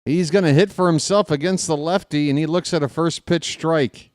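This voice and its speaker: A man's voice: on the high side, normal speed, no echo, studio quality. Chatty partisan baseball play-by-play man. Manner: chatty, joking, openly partisan. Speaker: fan play-by-play commentator.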